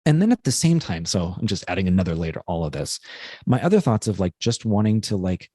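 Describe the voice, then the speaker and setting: A man's voice: low voice, very animated, fast talker, warm tone, no echo, clean studio sound. A man co-hosting a podcast, talking through a personal story in an earnest, rambling way with lots of fillers. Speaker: podcast co-host. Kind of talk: casual reflective podcast chat.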